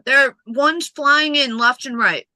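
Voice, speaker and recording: A woman with a high, very bright voice reads chat messages aloud in a brisk, teasing way. The sound is close and dry. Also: no echo, poor audio. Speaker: stream co-host reading chat.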